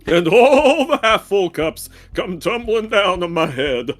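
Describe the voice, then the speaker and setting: Streamer guy reading a grumpy slow-talking garbage man, swoopy tone, game music faint behind. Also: high voice, big pitch swings, heavily acted. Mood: grouchy. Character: grouchy male garbage worker, hardworking. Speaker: voicing a game character.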